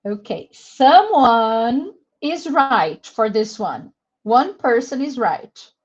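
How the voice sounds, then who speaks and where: Brazilian woman, webinar presenter, slow and careful delivery, somewhat high voice, dull video-call audio. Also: sing-song. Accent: Brazilian Portuguese. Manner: encouraging, reads out names from chat; slow, careful word-by-word explanation. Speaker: webinar presenter for English teachers. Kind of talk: live online teaching webinar.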